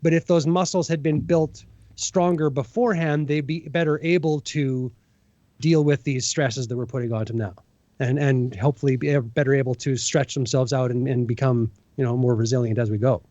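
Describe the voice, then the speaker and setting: A man's voice: medium pitch, fairly even intonation, moderate pace, warm tone, no echo, highs cut off. A man co-hosting a casual podcast discussion who keeps asking "right?" and acts out small scenes as he talks. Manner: conversational, lots of "right?" and "you know", acts out little scenes. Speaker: podcast co-host.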